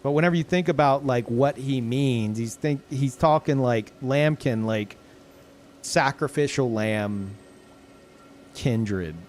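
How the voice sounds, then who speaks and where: A man streaming a video game, chatting casually, rambling and searching for words with swearing and quick laughs. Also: medium pitch, a little hiss or hum. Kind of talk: casual chat while gaming.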